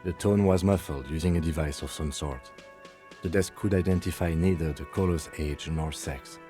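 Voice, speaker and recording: A man's voice: deep voice, warm tone, natural voice. An actor playing a methodical male police lieutenant in a video game, speaking in a composed, precise, dry way.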